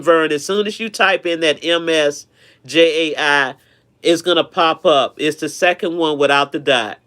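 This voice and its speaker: A man with a fairly high, smooth and clear voice hosts a relaxed live stream. He chats warmly with his viewers and tends to repeat himself as he goes. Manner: chatty, affectionate, repeats himself.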